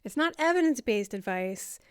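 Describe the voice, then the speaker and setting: A woman talks to camera in a chatty, explanatory way, with plenty of fillers and asides. Her voice sits a bit high, and the recording is close and dry, with no room sound. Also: expressive, brisk, clean tone, no room sound. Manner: conversational, lots of fillers, acts out voices. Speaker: video host explaining self-compassion. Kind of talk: casual explanatory talk to camera.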